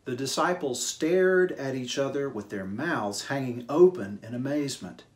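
A man leading a church service, announcing a hymn and reading a children's Bible story in a slow, gentle storytelling manner. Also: medium pitch, lively intonation.

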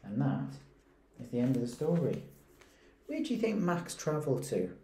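Teacher reading a picture book aloud. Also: male voice, mid-range voice, sing-song, a little hiss or hum. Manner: gentle, questioning, reads slowly and pauses to ask. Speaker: primary school teacher. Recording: roomy echoey recording.

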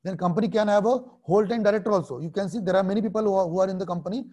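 A man in his thirties with an Indian English accent gives an exam-prep lecture with a high voice. He talks bluntly and repeats his key points. He slips Hindi phrases into his English. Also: racing, dark tone. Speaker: exam coaching teacher. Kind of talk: online lecture.

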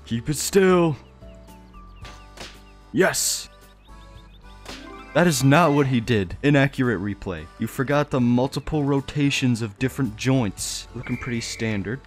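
A young man doing game commentary as a gaming YouTuber, excitable, laughing often and crying out in surprise. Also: mid-range voice, measured pace, pauses often, soft background music.

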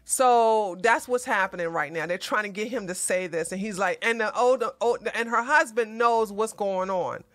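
A woman hosting a political commentary show, talking over a video in an animated, emphatic way. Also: medium pitch, normal speed, hardly any pauses, dry recording. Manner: animated, emphatic, profane outbursts.

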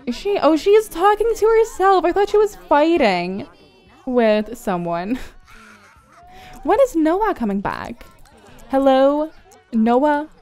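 Young woman, high voice, bubbly, chatty gameplay commentary, faint music behind. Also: sing-song, takes it slowly, long pauses, a little mellow. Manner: bubbly, chatty, frequent laughs and gasps.

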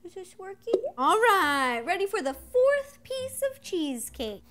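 A woman hosting a casual video, playful and giggly, chatting excitedly with a guest. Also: very high voice, measured pace. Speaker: host. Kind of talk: casual chat.

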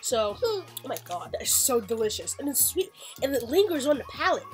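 A young adult woman vlogging a snack box unboxing, gushing with excitable exclamations as she tastes each treat. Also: high voice, fairly quick, soft background music. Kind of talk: casual unboxing chat.

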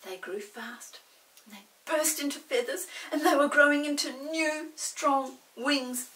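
An older woman reading a children's book aloud, expressive and animated. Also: high-pitched, a little slow, recorded from a distance, low-quality recording. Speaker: storyteller.

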